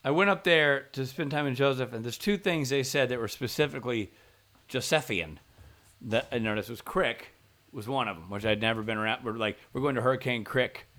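A man, chatting casually as a podcast co-host. He tells stories with an animated, laughing delivery, his voice sitting at an ordinary middle pitch. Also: fairly quick. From American South. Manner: animated storyteller, laughs while telling. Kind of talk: casual chat.

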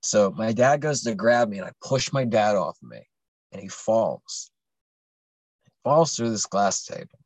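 Low-voiced man telling a rambling story. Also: lively intonation, measured pace, darkish tone, no echo. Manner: rambling, profane, many fillers and restarts. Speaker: podcast guest telling a personal story. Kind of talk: casual storytelling.

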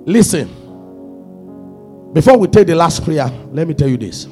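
A man preaching a sermon as pastor, swinging between shouted climaxes and hushed low passages. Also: big pitch swings, normal speed, soft background music.

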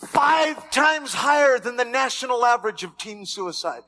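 A man preaching a sermon as pastor, animated, with shouted peaks and dry humor. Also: extremely high pitch, moderate pace, a little hiss or hum. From Mexican heritage, raised among white Americans.

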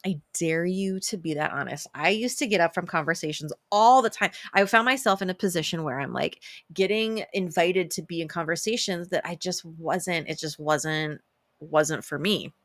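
A woman's voice: fairly low pitch, normal speed, a bit bright, dry recording. A woman giving brash, profane self-help advice in a casual monologue, laughing often and quoting others in a playful sing-song.

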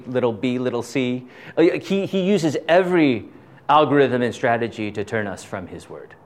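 A middle-aged man leading an informal Bible study, talkative, tossing out rhetorical questions, stammering and chuckling as he goes. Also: fairly high pitch. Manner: talkative, asks rhetorical questions, frequent "right?"; stammers and restarts, chuckles often.

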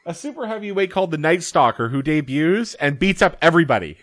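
Young male podcast co-host, fairly high voice, dry sarcastic delivery. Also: big pitch swings, fast talker, fairly bright tone, dry recording. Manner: exasperated, sarcastic commentary. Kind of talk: casual podcast chat.

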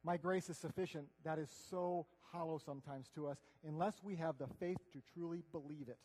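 A man giving an earnest, conversational sermon, swinging between loud declarations and hushed asides. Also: fairly high pitch, normal speed. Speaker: preacher. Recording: long hall reverb.

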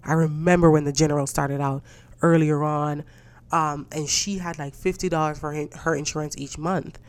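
In a smooth, low voice with fairly even intonation, a woman rants on her podcast at normal speed. The solo rant is casual, profane, and indignant, with stories told through quoted voices.

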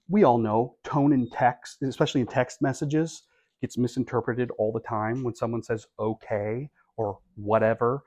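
A middle-aged man preaching a sermon as pastor, conversational and wry, with bursts of animated emphasis. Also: mid-range voice, highs cut off.

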